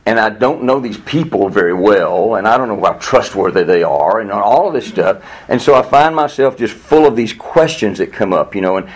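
An older man teaching a Sunday school class in an earnest, candid way, full of restarts and sudden high-pitched exasperation. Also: expressive, normal speed, few pauses. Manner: earnest, candid, many restarts, rising to high exasperated voices when quoting himself.

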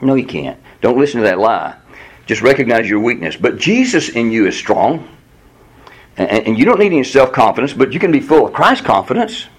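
A man teaching a Bible study in a lively, conversational way, often leaping high in pitch to voice God's replies. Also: fairly quick, husky. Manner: animated, jumps to a high voice when quoting God. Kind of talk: Bible teaching with class discussion.

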